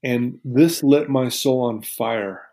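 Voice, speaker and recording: A man's voice: medium pitch, slow pace, darkish tone. A man as an interview guest, telling a personal story in an earnest, heartfelt, reflective way.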